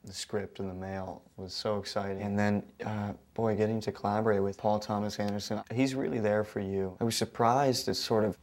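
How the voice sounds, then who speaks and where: A man's voice: fairly low pitch, fairly even intonation, brisk, hardly any pauses, darkish tone. A young male actor talking casually and thoughtfully in an interview, earnest with small hesitations.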